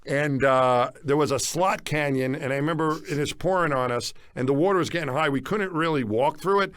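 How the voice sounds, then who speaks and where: Chuckling storyteller man, fairly high voice. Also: brisk, fairly bright tone, clear, resonant tone, no echo, studio quality. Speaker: podcast co-host. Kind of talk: casual storytelling.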